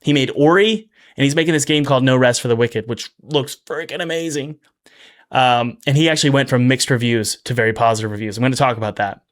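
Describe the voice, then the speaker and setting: A man hosts a laid-back commentary video on game development, speaking with energy and chattiness. He restarts sentences, tosses in quick asides, and repeats key phrases for emphasis, all at a medium pitch.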